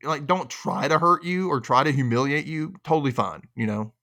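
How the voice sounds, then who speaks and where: A man's voice: medium pitch, animated, normal speed, pushed and bright. A man hosting a casual recap podcast, a little tipsy, swearing freely and laughing often. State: tipsy from drinking. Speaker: podcast host.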